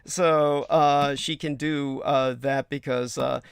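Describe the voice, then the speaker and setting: Gravelly man rambling on a livestream. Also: mid-range voice, steady tone, slow. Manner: digressive, crude, emphatic, frequent restarts. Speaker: livestream host.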